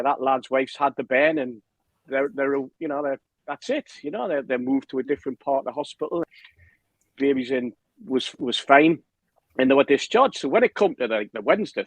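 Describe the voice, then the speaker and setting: Man, casual anecdote, animated, acts out voices, laughs often, dry close recording. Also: mid-range voice, no room sound, rough recording. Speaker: podcast guest telling a story.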